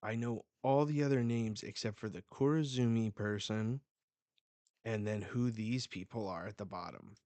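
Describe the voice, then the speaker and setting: A man hosting a live manga reading reaction, reading panels aloud with excited outbursts. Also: fairly low pitch, moderate pace, no echo.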